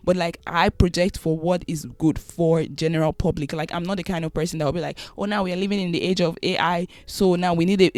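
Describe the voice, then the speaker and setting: A woman's voice: low voice, a little mellow, no room sound. A Nigerian woman with a Nigerian accent, giving an emphatic opinion monologue and often repeating phrases.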